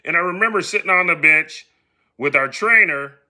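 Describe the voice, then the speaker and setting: On his podcast, a middle-aged man from the US shares a personal anecdote in a relaxed way, doing lively impressions of everyone he quotes. His pitch sits slightly high, and he talks at an ordinary speed.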